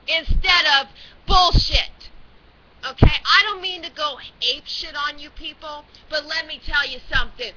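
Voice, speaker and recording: High, fiery woman ranting on webcam. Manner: fiery, scolding, profane, rising to shouts. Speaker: webcam ranter. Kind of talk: angry webcam rant. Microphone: built-in webcam mic. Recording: dull lo-fi webcam audio with faint noise.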